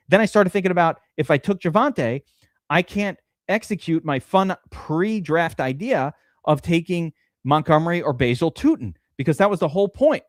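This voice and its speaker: A man hosts a live-stream fantasy draft, rambling excitably and swearing as he goes. His voice sits somewhat high and swoops up and down a lot, and the sound is dry and close. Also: brisk, no room sound. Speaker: streamer host.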